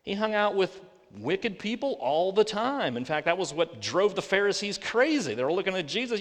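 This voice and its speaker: Guy preaching in a church, asks lots of questions, slows way down on the verses, echoey big room. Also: sits high, very animated, fairly bright tone. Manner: earnest, rhetorical questions, slows on scripture. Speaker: pastor. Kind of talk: sermon. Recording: long reverb of a large hall.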